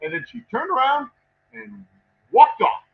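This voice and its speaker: High-voiced, husky man chatting on a live stream. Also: sing-song, unhurried, narrow, tinny audio. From Texas. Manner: rambling, wry and self-mocking, swears freely. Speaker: distiller streaming from his shop. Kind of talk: casual live-stream chat while working. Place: distillery workshop.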